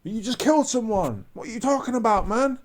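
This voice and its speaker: A man's voice: extremely high pitch, lively intonation, brisk. A man ranting to camera in a preachy monologue, repeating his points with emphasis. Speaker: vlogger.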